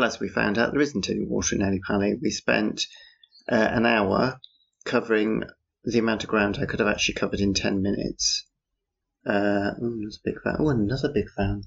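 A man's voice: lowish voice, gravelly, fairly bright tone, breathy edge. A man talking outdoors on a street at night in a rambling, casual monologue, with wry, dryly sarcastic asides. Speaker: podcaster. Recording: dull, muffled lo-fi recording.

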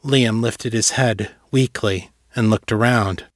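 A man's voice: lowish voice, slow pace, no room sound, studio quality. Man narrating a fantasy story. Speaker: audiobook narrator.

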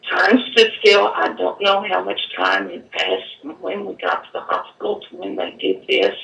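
A woman giving an earnest personal testimony, halting and at times choked up, in an echoey room away from the mic. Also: medium pitch, very animated, creaky, a bit bright, far from the mic, a little hiss or hum. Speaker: guest telling her story.

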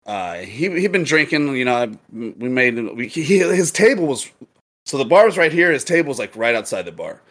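A young man streaming games, telling a profane story in a casual, animated, laughing way. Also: mid-range voice, normal speed. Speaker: gaming streamer.

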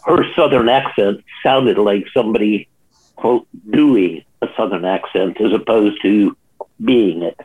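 A man speaking in a recorded interview clip, measured and matter-of-fact. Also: lowish voice, husky. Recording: tinny phone-like line.

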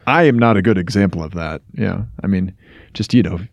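A man's voice: low-pitched, a little fast, gravelly, no echo. A man from Missouri co-hosting a podcast in casual chat, talking with many fillers and restarts. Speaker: podcast co-host.

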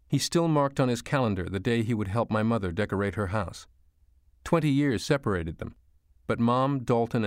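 A man with a mid-range voice reads an audiobook in a measured, gentle storytelling style. It's scripted narration, recorded with clean studio sound and no room noise.

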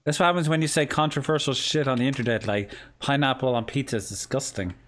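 A man's voice: medium pitch, a bit bright, slight background noise. A man from Cork speaking with an Irish accent, hosting a casual stream chat and joking with a guest. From Ireland. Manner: joking, laughs often, fast restarts. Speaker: streamer host.

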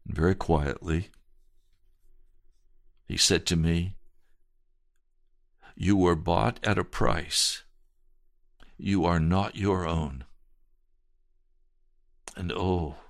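A man's voice: fairly low pitch, fairly bright tone, no room sound, studio quality. A male pastor telling his personal testimony in a sermon, earnest and storytelling, with dramatic swells.

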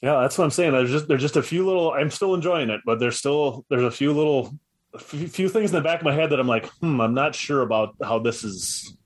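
Male podcast co-host, easygoing and husky, gives short agreeing replies. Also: mid-range voice, a little fast. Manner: laid-back, brief agreeing replies. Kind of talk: casual chat.

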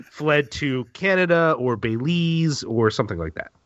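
A sick man co-hosts a podcast at a middling pitch and trades in wry, sarcastic humor. His voice comes through a dull, muffled line with no room sound at all. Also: expressive, measured pace, a bit bright, dry recording. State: sick with a cold. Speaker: podcast co-host. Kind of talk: comedic podcast chat.

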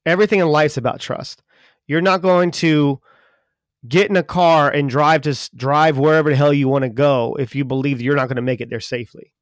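A man from Charleston, co-hosting a podcast in casual chat; he talks fast and folksy, with jokes. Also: a little high, dry recording, studio quality. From Charleston, South Carolina, US. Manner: talks fast when excited, folksy and joking. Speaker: podcast co-host.

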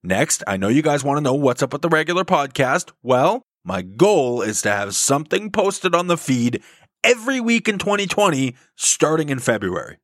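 A man's voice: fairly high pitch, no room sound, studio quality. A man hosting a podcast, giving a scripted update in a put-on radio announcer voice and stretching out the key words. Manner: lively, drawn-out emphasis on key words. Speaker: podcast host.

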